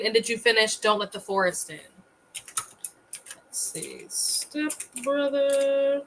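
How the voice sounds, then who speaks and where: A woman's voice: a little high, a bit bright, slight background noise, rough recording. Chatty woman hosting a livestream. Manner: chatty, laughs often, greets viewers. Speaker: livestream host. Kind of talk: casual livestream chat.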